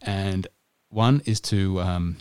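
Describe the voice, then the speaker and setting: A man's voice: sits low, fairly even intonation, takes it slowly, a little mellow, clear, resonant tone, no room sound. An Australian man co-hosting a podcast, telling stories in casual chat with frequent restarts. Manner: chatty storytelling with restarts. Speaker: podcast co-host.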